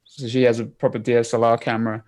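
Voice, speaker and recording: A man's voice: mid-range voice, flat delivery, fast, darkish tone. A man appearing as a guest developer, explaining his coding demos in a casual, rambling way. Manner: rambling, many fillers and restarts.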